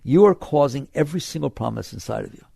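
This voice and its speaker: An older man giving an informal spiritual talk, conversational and full of rhetorical questions, swinging between emphatic and quiet. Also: medium pitch, expressive, fast, vocal fry, slightly rough, no echo, studio quality. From United States. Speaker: spiritual teacher.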